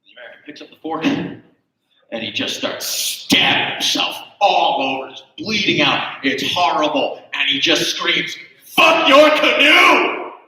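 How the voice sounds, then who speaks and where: A man telling a long joke on stage, acting out the characters' lines loudly. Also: a little high, moderate pace. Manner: animated storyteller, acts out character lines loudly. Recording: echoey hall from far off.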